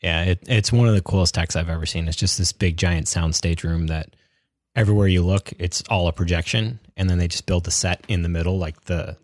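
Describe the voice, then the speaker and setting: With a deep, steady voice at a slightly fast clip, a young podcast co-host rambles through a casual chat full of fillers and restarts. The recording is dry and of studio quality.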